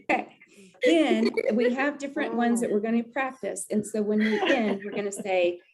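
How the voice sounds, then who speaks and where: A woman's voice: mid-range voice, brisk, a crowd in the background. A woman leading a group laughter yoga session, chatty and upbeat, often breaking into laughter. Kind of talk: guided group exercise session.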